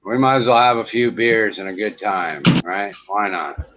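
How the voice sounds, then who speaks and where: A man in casual chat, answering with dry, joking deadpan remarks. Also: fairly low pitch, normal speed, dull audio, heavy background noise.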